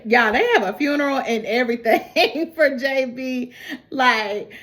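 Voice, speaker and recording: A woman casually retelling a TV episode in an animated, slangy storytelling manner. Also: high voice, a little slow. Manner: animated, slangy, laughing asides. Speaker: TV recap host.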